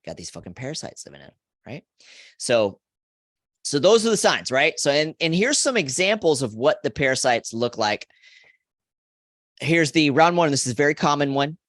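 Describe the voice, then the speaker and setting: A man's voice: normal speed, long pauses, no room sound, clean studio sound. A man in his forties hosting a live stream, telling rambling, profane stories and tagging most sentences with "right?". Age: 40s. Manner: profane, keeps asking "right?" after each point; animated storyteller, voice jumps high when quoting friends.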